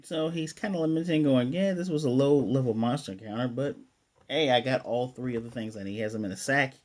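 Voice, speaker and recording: Guy rambling through an anime recap, does little voices for the characters, average pitch. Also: fairly quick, a little mellow. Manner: rambling, acts out character lines in quotes. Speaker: anime reviewer. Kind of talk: casual recap and review.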